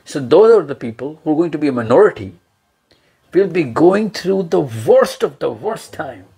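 A man's voice: a little high, sing-song, normal speed, creaky, mellow. A man speaking as an interview guest, explaining earnestly and with emphasis, often repeating words as he searches for the phrasing. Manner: earnest, emphatic, acts out imagined quotes.

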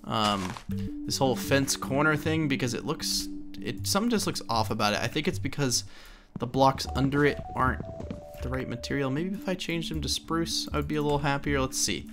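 Young male gaming host from Oklahoma, easygoing mid-pitch voice, loose thinking-aloud commentary over background music. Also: a little fast. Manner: chatty, thinking aloud while building, self-correcting. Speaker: Minecraft let's play host. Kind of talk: casual gameplay commentary.

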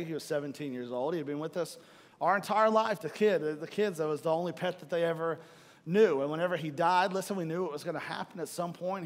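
Middle-aged male pastor, high voice, animated sermon storyteller, live church hall reverb. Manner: animated storytelling, acts out own frustration.

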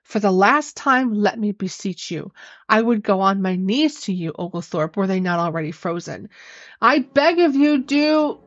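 A woman's voice: mid-range voice, moderate pace, fairly bright tone, no room sound, highs cut off. A woman voicing a female water ghost who pleads and frets as she freezes, in a storybook reading. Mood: pleading. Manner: pleading, desperate.

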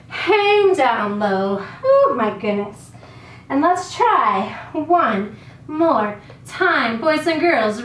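A woman's voice: sits high, recorded from a distance, a little hiss or hum. A woman teaching a children's yoga class, giving encouraging sing-song cues and a little out of breath. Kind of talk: guided kids' yoga class. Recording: roomy, off-mic with faint music.

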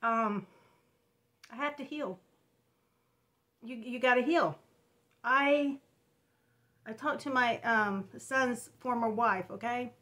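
A woman in her fifties talking through tears in a personal home vlog, halting and restarting often. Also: on the high side, bright, forceful tone. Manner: halting, tearful, many restarts. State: crying. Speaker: vlogger.

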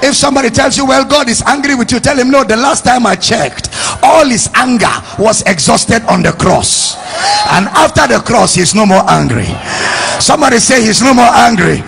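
A male pastor preaching a sermon, leading the congregation in loud call-and-response. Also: extremely high pitch, lively intonation, moderate pace, gravelly, faint music behind. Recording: noisy live crowd.

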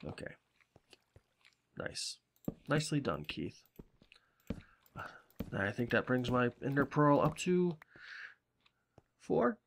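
Male gaming host, unhurried profane chatter, medium pitch. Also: very animated, slight background noise. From Salem, Massachusetts. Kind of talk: casual gameplay commentary.

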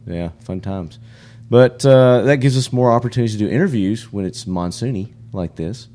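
A man hosting a podcast, introducing guests at a trade show in relaxed, casual banter. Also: on the low side, moderate pace, slight background noise. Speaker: podcast host.

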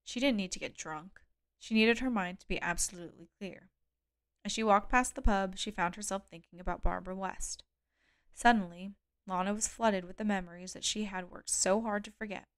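Lady reading a novel out loud, smooth clear voice, dead dry sound, steady and calm. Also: medium pitch, moderate pace, no room sound. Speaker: audiobook reader. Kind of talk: audiobook narration.

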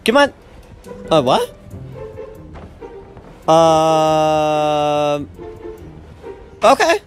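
Excitable swearing gamer, wildly swinging pitch. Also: very slow, soft background music. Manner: excitable, swears a lot, taunts the enemy. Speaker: gamer doing live commentary. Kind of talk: casual gameplay commentary.

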